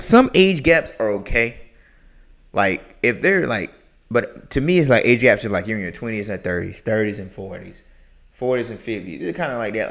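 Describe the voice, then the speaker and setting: Animated man with a gravelly low voice. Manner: animated, exclaiming, preachy asides. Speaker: reaction streamer. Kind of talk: live reaction commentary.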